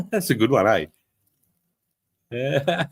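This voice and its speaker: A middle-aged Australian man chats loosely on a live stream from his front porch, his voice sitting a little low. He swears freely and greets his viewers one by one by name in an easygoing way. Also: normal speed, a bit bright, rough recording. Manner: laid-back, sweary, greets chat by name. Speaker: livestream host. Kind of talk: casual live-stream chat.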